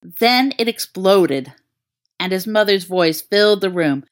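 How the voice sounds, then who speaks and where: A woman's voice: animated, measured pace, no room sound. Woman reading a story, dry close sound. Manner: acts out dialogue with raised pitch. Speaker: reader. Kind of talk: reading fan fiction aloud.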